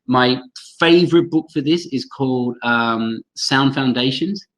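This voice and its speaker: A man's voice: mid-range voice, unhurried, fairly bright tone, rough recording. Enthusiastic man teaching a webinar. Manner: enthusiastic, addresses attendees by name, models pronunciation aloud. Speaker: teacher trainer hosting a webinar.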